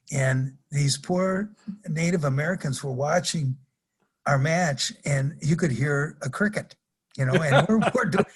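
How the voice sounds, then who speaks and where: A man's voice: on the high side, breathy edge. An older man, a podcast guest, telling rambling anecdotes in a casual interview and chuckling at his own stories. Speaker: podcast guest, retired wrestler.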